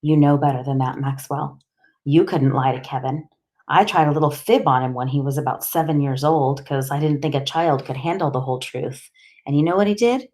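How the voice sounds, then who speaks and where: A woman voicing a weary, gentle female doctor in an audiobook, calm and soft-spoken. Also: low voice, brisk, natural voice. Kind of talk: audiobook character dialogue.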